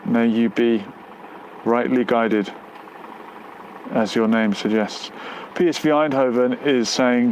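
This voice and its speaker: A man's voice: medium pitch, measured pace, noisy background. A man hosting a casual live stream outdoors near a road, reading out viewer comments and musing aloud with lots of fillers. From United Kingdom.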